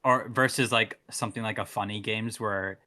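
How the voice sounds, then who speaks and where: A man's voice: lowish voice, fairly even intonation, moderate pace, sharp tone. A man co-hosting a casual movie podcast, rambling with many fillers and casual swearing. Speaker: podcast co-host. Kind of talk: casual film-discussion chat.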